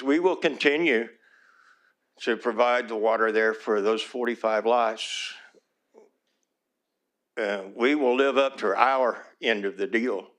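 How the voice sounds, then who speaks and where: A man's voice: mid-range voice, a bit bright. Pleading small-town mayor, a man. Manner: earnest and pleading, repeats "please", voice turns emotional. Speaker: small-town mayor speaking at a city board meeting. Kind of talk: public comment at a city council meeting.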